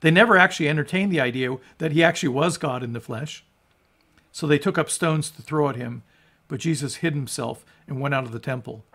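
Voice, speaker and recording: A man preaching as a pastor, reading scripture aloud and explaining it in an earnest sermon, often restarting words and dropping low at the ends of phrases. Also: a little fast, a bit bright. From United States. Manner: earnest, rises in emphasis on quotes, drops low at phrase ends.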